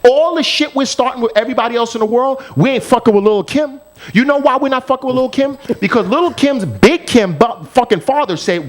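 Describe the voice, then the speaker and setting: A man's voice: sits high, animated, moderate pace. A male co-host from the United States delivering an angry, profane rant on a podcast. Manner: angry, profane, emphatic ranting.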